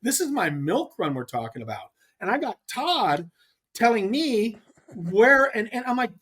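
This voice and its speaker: Male guest storyteller, rambling, animated, acts out dialogue, voice sits high. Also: moderate pace, breathy edge. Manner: rambling with restarts. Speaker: podcast guest, pro angler. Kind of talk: casual storytelling.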